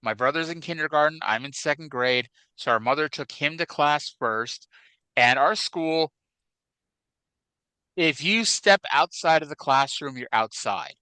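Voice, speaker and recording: A man's voice: on the high side, expressive, a little slow, bright, forceful tone, clean tone, no echo, poor audio. A man in his forties co-hosting a casual podcast, telling rambling stories with a lot of filler words. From northern USA. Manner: rambling storyteller, many fillers like "like" and "you know". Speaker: podcast co-host. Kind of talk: casual chat.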